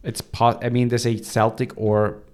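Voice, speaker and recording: A man's voice: medium pitch, little pitch movement, normal speed, darkish tone. A man hosting a podcast, chatting casually and playfully, joking around with silly sound effects and wordplay. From Austria. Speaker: podcast host. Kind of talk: casual chat.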